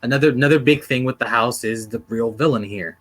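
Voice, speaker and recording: A man's voice: mid-range voice, fairly quick. A man hosting a casual book club podcast, rambling and analytical, often repeating himself as he works through a point.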